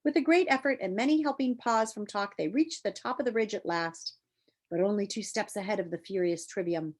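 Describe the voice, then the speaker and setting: A woman reading a children's novel aloud with expressive storytelling. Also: medium pitch, a little fast. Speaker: reader.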